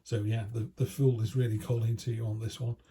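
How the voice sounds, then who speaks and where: A man's voice: lowish voice, flat delivery, a little fast, mellow, husky. A man with a British accent giving a chatty, down-to-earth weekly tarot reading to his viewers. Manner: chatty, down-to-earth, slangy asides. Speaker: tarot reader.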